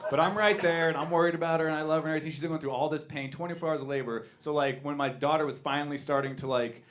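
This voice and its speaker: A man in his thirties doing a stand-up comedy set on a club stage, talking in an animated way and jumping into loud voices for characters. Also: fairly high pitch, rapid-fire.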